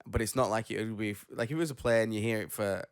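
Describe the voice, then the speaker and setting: A man's voice: fairly low pitch, fairly even intonation, quick pace, clear, resonant tone, no room sound, studio quality. A man, tired after being ill, chatting on a podcast and reading news stories aloud, rambling and tripping over names. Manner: rambling, self-deprecating, stumbles over names. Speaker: podcast host.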